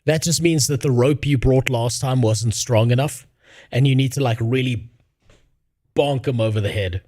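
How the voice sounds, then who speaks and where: Blunt, profane man in a dry, mellow voice. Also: medium pitch, normal speed, no echo. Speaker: streamer reacting to videos. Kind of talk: casual livestream reaction chat.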